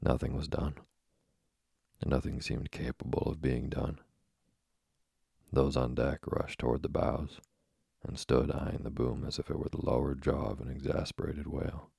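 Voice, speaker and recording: In an audiobook reading of a classic sea novel, a man's very deep, gravelly, husky voice stays low and flat. His measured, dramatic delivery is recorded close and dry with no echo.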